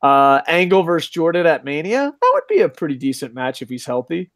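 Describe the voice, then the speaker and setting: A man's voice: a little high, very animated, fairly quick, dry recording, clean studio sound. Profane, joking middle-aged man. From lives in Japan. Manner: profane, joking, laughs often. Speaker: podcast host reading chat. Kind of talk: casual live-stream chat.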